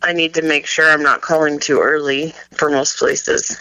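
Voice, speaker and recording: A man's voice: a little high, little pitch movement, normal speed, pushed and bright, clean tone, dry recording, rough recording. A man from Colorado co-hosting a podcast in easygoing casual chat. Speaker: podcast co-host.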